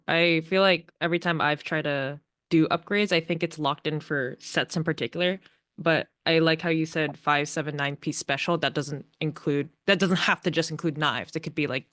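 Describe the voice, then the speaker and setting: Appreciative man with a slightly high voice. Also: steady tone, moderate pace, a bit bright, no echo. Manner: appreciative, thoughtful. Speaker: meeting attendee. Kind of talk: casual comment in a meeting.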